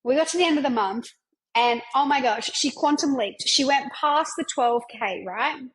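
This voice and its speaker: A woman's voice: high voice, normal speed, a bit bright, low-quality recording. A woman, hosting a podcast as a business mentor, talking in an enthusiastic, chatty way and often checking in with "right?". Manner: enthusiastic, chatty, frequent tag questions. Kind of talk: casual monologue.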